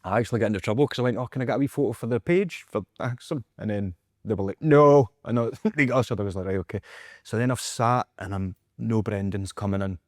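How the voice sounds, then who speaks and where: A Scottish man, a podcast co-host, telling a story in casual chat, animated and acting out quotes with frequent laughs. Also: medium pitch, racing, no room sound, clean studio sound. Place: podcast studio.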